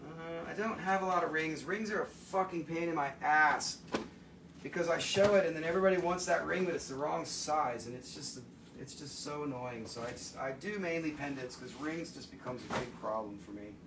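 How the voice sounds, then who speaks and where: Background noise accompanies a man's fairly high voice, delivered at a moderate pace. He rambles through a casual live-selling chat while offering gems from home, swearing and laughing readily.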